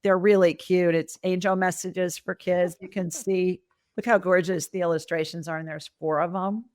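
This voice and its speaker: Older woman telling lively stories. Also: fairly low pitch, moderate pace, no echo, studio quality. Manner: animated storyteller, acts out quoted voices. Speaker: podcast guest, medical intuitive. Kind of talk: conversational storytelling interview.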